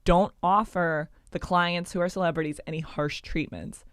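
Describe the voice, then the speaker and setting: A woman chatting as a podcast guest, talking freely with lots of "like" and quick asides. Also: fairly low pitch, steady tone, no echo, studio quality. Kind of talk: casual podcast chat.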